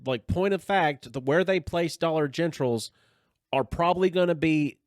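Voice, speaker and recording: A man's voice: a little high, normal speed, no echo, clean studio sound. A man with a Southern US accent co-hosting a casual podcast chat, rambling with lots of fillers and sidebars. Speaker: podcast co-host.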